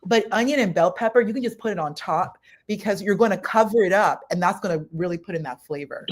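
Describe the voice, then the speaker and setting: A woman's voice: mid-range voice, fast talker. A woman co-host in a casual chat, giving cooking tips and explaining each step in turn.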